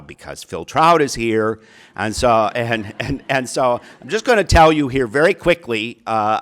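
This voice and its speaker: A man's voice: mid-range voice, a bit bright, smooth. A middle-aged man with a Minnesota accent, a college counselor giving a chatty, earnest speech to an audience in an auditorium. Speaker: college counselor, keynote speaker.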